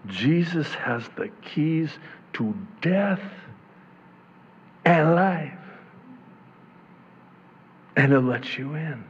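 Slow, impassioned male pastor preaching. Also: fairly high pitch, animated, husky, dull audio. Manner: swings from hushed near-whisper to loud impassioned preaching. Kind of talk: sermon.

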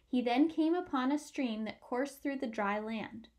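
A woman's voice: sits high, a little slow. Woman reading a picture book aloud. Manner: clear, expressive storytelling. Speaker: storyteller.

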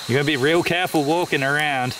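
A man's voice: fairly high pitch, fast talker, noisy background. Australian man talking over chirping crickets. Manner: chatty, talks to animals calling them mate. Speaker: wildlife vlogger host. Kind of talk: casual field narration. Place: outdoors by a creek at night. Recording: outdoor recording with loud insects. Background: crickets and insects.

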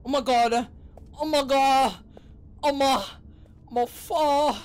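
A young man streaming a horror game, who screams, swears and panics loudly as he plays. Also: very high-pitched, steady tone, slow, long pauses, slight background noise. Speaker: gaming streamer. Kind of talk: live horror game reactions.

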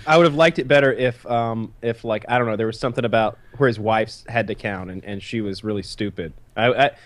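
A man's voice: fairly low pitch, brisk. A man co-hosting a podcast, teasing and sarcastic in casual banter. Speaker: podcast co-host.

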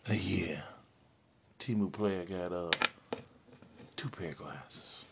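A man's voice: sits low, slow pace, creaky, very noisy, voice pushed down, heavily acted. A man playing a bragging bling-crazy shopper. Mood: boastful. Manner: braggy, repetitive, stammering. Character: boastful man, a bling-obsessed bargain shopper. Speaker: comedy skit creator. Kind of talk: comedic unboxing skit.

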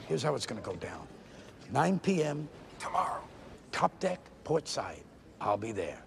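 An actor playing an intense, volatile male stage star on a phone call, lovesick and swinging from low brooding menace to shouting. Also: sing-song, moderate pace, vocal fry, background noise. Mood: scheming.

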